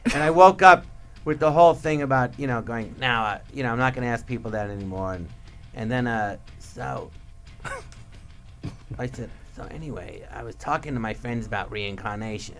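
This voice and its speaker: A man, a comedian guest in a radio studio, telling stories in an animated way and acting out the people he quotes. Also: mid-range voice, a little fast, soft background music. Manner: animated, laughing storyteller who acts out quotes. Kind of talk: radio interview storytelling.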